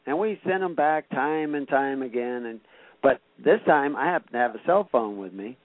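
A man preaching a sermon, telling homespun stories and then pressing his point with rising emphasis. His voice sits at a middling pitch and comes through a tinny, phone-like radio signal. The sound is dry and close, with no room around it. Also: animated, normal speed, no room sound. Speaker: pastor.

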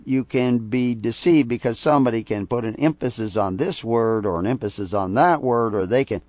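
A man's voice: medium pitch, darkish tone, dry recording. An older man giving a rambling sermon-style teaching talk, hitting key words with sudden emphasis. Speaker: preacher.

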